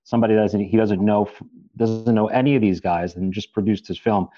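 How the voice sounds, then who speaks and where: A man's voice: on the low side, fairly even intonation, brisk, mellow, dry recording, dull audio. A man, an actor, chatting casually in an interview, rambling with many restarts and fillers.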